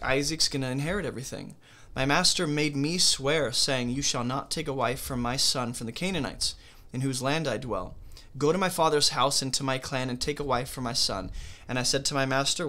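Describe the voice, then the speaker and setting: Bright-voiced man teaching a Bible study. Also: medium pitch.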